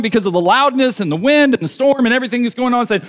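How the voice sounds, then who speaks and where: A man delivers a sermon in a high, animated voice that swings widely in pitch. He keeps turning to his listeners with rhetorical questions. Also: very fast, hardly any pauses. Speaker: pastor.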